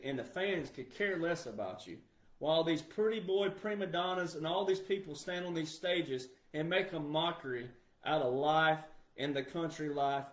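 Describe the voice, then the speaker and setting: A man who makes country music, on a heated, emphatic rant that keeps repeating its points. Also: fairly high pitch. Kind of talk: impassioned rant. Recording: roomy echo.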